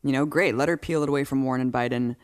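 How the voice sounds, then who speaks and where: A man co-hosting a podcast, chatting casually about politics, incredulous and animated as he retells events. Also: mid-range voice, rapid-fire, smooth. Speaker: podcast co-host.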